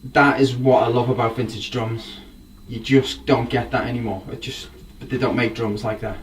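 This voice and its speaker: A man's voice: mid-range voice, steady tone, normal speed. A man, a drum collector, casually showing off his gear with rambling enthusiasm. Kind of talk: casual show-and-tell. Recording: voice from a distance, faint background noise.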